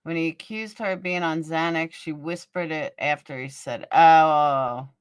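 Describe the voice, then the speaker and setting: A woman's voice: low voice, normal speed, a bit bright, clean tone, dry recording, studio quality. A woman hosting a casual livestream, blunt and profane, gossiping and answering viewers by name. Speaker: livestream host. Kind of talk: casual livestream chat reading viewer comments.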